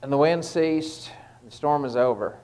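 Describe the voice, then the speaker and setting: A man's voice: a little high, a little slow, a little mellow, clear, resonant tone, poor audio. A man giving an informal evening devotional talk, conversational and stopping often with fillers and restarts. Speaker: lay preacher giving a short devotional.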